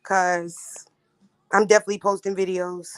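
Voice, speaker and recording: A woman's voice: fairly low pitch, level tone, normal speed, smooth. A young woman from Florida, chatting casually and bluntly about an audition with lots of slang and profanity. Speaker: audition contestant. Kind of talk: casual chat.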